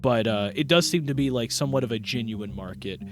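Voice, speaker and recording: A man's voice: mid-range voice, fairly quick, over music. A young man narrating as game master of a tabletop game, rambling with lots of fillers and restarts.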